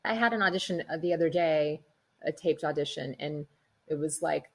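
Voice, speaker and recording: A middle-aged woman, an actress, chatting in an interview and telling animated stories about her work. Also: low-pitched, moderate pace. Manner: chatty, animated storytelling, acts out quoted people. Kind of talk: casual interview conversation.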